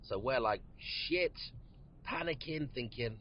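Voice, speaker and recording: Man, low voice, rambling podcast talk, lots of ums, yawning, dull car recording with faint road hum. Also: moderate pace. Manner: rambling, many ums, yawning between phrases. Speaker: podcast host. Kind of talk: casual storytelling monologue. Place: inside a parked or moving car.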